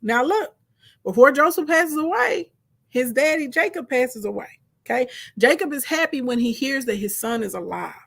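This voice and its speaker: A woman retelling a Bible story as a casual lesson in a lively, conversational way, often checking in with her listeners. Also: high voice, moderate pace, gravelly. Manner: lively, conversational, frequent "okay?" check-ins. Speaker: Bible teacher.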